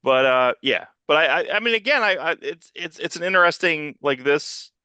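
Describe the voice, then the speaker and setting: A man co-hosting and producing a casual comics podcast, talking in a rambling, profane, animated way and putting on little voices when he quotes people. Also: fairly high pitch, moderate pace, clear, resonant tone, no room sound.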